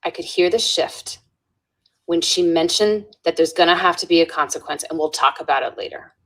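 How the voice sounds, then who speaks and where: A woman's voice: fairly low pitch, normal speed, fairly bright tone. A woman guest on a podcast, telling an earnest story with restarts and frequent "right?" tags. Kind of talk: storytelling in a conversational interview.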